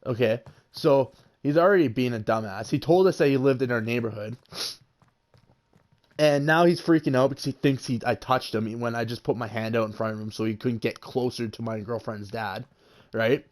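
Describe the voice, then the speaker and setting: A man's voice: mid-range voice, moderate pace. Young man telling a story, swearing freely. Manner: animated, swears freely, quotes people in raised voice. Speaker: vlogger. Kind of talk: casual storytelling.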